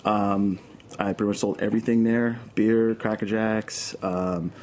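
A man's voice: lowish voice, flat delivery, measured pace, darkish tone, a little hiss or hum. A man from Queens with a New York accent, a filmmaker guest rambling with many restarts in casual radio chat. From Queens, New York City.

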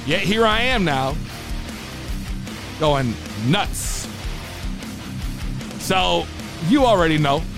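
A man telling a profane, animated rant about buying a car, in casual storytime style. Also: high-pitched, extremely slow, creaky, long pauses, music in the background. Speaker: vlogger.

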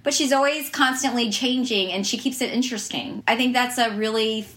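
A woman's voice: a little high, a little fast, fairly bright tone. An American woman chef telling her story in an interview, chatty and full of fillers and restarts, laughing now and then. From United States.

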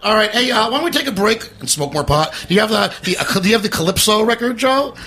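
A man's voice: high voice, lively intonation, fast talker. A male podcast host in casual chat, laughing often, joking and swearing freely.

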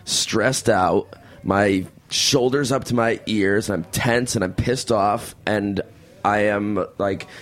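A man's voice: fairly low pitch, slow, faint music behind. A man in his thirties co-hosting a radio talk show, talking candidly and rambling. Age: 30s. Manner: candid, rambling, self-deprecating. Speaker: co-host.

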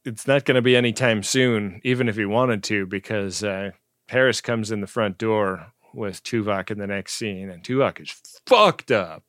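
A man's voice: lowish voice, moderate pace, fairly bright tone, dry recording, studio quality. A man co-hosting a podcast, retelling a TV episode in laid-back comedic chat, full of fillers and easy laughs. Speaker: podcast co-host. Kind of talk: casual comedic recap chat.

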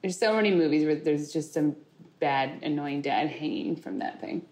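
A woman's voice: deep voice, moderate pace, darkish tone. A woman from Indianapolis co-hosting a comedy podcast, trading dry, playful quips. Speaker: podcast co-host. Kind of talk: casual comedic chat.

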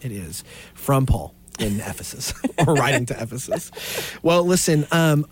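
A man co-hosting a podcast, talking through theology in an earnest, animated way and telling stories from his own life. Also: mid-range voice, moderate pace, husky. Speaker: podcast co-host. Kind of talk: casual theological discussion.

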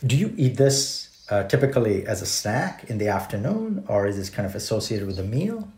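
A man hosting an interview podcast, asking his questions in a measured, courteous way. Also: lowish voice, big pitch swings, darkish tone. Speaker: podcast host. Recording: roomy echo.

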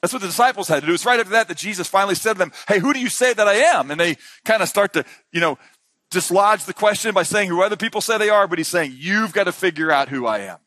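Casting: male pastor with a high, bright voice, dry close sound, lively sermon delivery. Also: fast, dry recording. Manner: animated preaching, voices Jesus and disciples in quotes, drops to hushed emphasis. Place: conference hall.

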